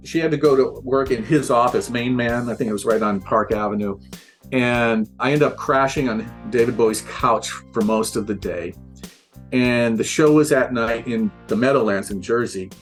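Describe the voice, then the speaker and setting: A man, a guest on a podcast, telling a relaxed anecdote and acting out the voices of the people in it. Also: medium pitch. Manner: relaxed storyteller, acts out quoted voices. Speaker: interviewed guest telling a story. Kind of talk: casual anecdote.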